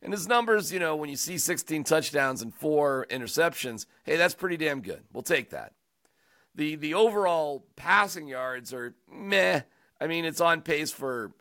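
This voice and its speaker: A man hosting a sports talk show, chatting casually and joking around in an animated, rambling way. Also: on the high side, no room sound, clean studio sound. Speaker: sports radio host.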